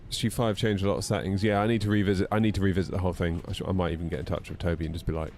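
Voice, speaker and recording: A man chatting casually while streaming a flight sim at home, voice jumping high when he gets indignant. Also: little pitch movement, rapid-fire, a little mellow, slight background noise. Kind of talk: casual live-stream chat.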